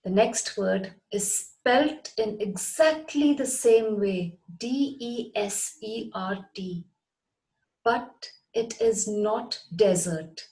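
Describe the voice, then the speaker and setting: An English teacher gives a scripted lesson, speaking carefully and spelling words out letter by letter. Her voice is fairly high and a little mellow, her pace slow, and the recording rough.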